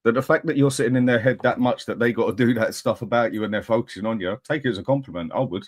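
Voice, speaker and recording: A man's voice: mid-range voice, fast. A man joining a chat show as a guest, laid-back and reassuring, chuckling as he talks. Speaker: guest co-host. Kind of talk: casual chat.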